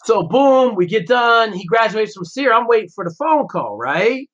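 A man with a fairly high voice tells profane war stories as a podcast guest. He talks in a brash, loose way and keeps swearing. He drops into the voices of other people when he quotes them. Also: very animated, moderate pace, a bit bright, lo-fi sound. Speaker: podcast guest, former Navy SEAL. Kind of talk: casual profane storytelling.

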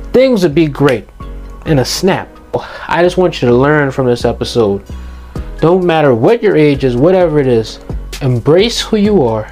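This earnest motivational monologue comes from a teenage boy with a darkish, mid-range voice. The youth vlogger passionately advises his viewers and keeps circling back to his key points.

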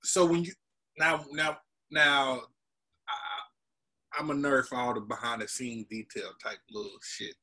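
A man hosting a relaxed conversation, asking curious questions in a laid-back way. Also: medium pitch, measured pace, poor audio. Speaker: podcast host. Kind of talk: casual conversation.

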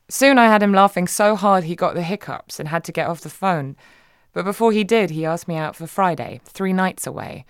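Low-voiced woman narrating an audiobook. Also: a little fast, smooth, no room sound, studio quality. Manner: wry, expressive, swings between giddy and hushed. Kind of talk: first-person audiobook narration.

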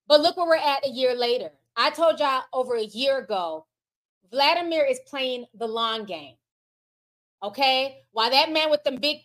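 Bright, high-pitched sassy woman streamer. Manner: animated, sassy, swears freely, talks straight to chat. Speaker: livestream commentator reading super chats. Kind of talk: casual livestream chat.

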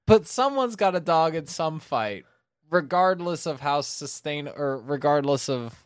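A man's voice: on the high side, clean tone, no room sound, studio quality. A young man in casual chat, joking and chiming in as he argues his points. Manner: joking, quick to chime in, animated.

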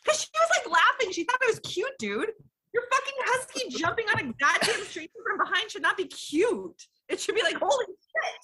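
A woman's voice: extremely high pitch, big pitch swings, fairly quick, sharp tone. A woman co-hosting a podcast, ranting casually and swearing a lot. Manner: profane, ranting. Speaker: podcast co-host. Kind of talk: casual chat.

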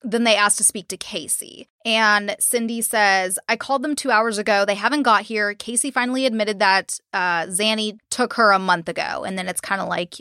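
A woman's voice: medium pitch, steady tone, moderate pace, few pauses, sharp tone, no echo, clean studio sound. A woman co-hosting a true crime podcast, retelling a case bluntly, swearing and acting out quotes. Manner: blunt, swears freely, acts out quoted people. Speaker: podcast co-host.

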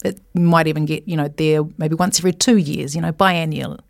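A woman talking casually about motor racing, chatty and animated, jumping between asides. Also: low-pitched, a little fast, creaky, dry recording, studio quality. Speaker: guest commentator.

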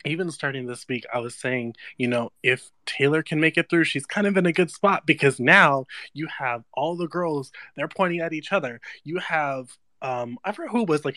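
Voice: mid-range voice, no room sound. A guest commentator on a live chat, gleefully retelling reality show drama. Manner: gleeful, animated storytelling.

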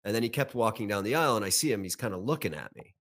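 A man's voice: lowish voice, animated, very fast, fairly bright tone. A male podcast co-host with a stuffy nose from a sinus infection, telling rambling anecdotes in casual chat.

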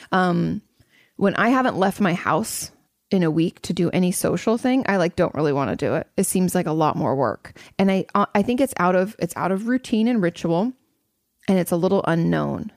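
A woman's voice: fairly low pitch, a little mellow, no echo, studio quality. A woman hosting an advice show as a therapist, answering audience questions in a casual, blunt and candid way, swearing freely.

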